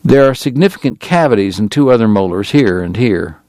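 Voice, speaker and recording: A man voicing a formal, long-winded gentleman dentist and gambler with a Southern drawl, verbose and precise. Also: lowish voice, expressive, brisk, dry recording, natural voice. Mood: measured. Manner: verbose, precise and courtly, prickly about his honor.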